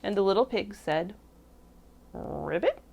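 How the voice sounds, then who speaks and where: A woman teacher reads a storybook aloud to little kids, her pitch swooping up and down as she brings each animal to life. Her voice sits in a middle register, gentle and clear, and she speaks in a warm, encouraging classroom manner. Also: unhurried, slight background noise. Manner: expressive, lively voices for animals. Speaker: preschool teacher. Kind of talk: children's storybook read-aloud.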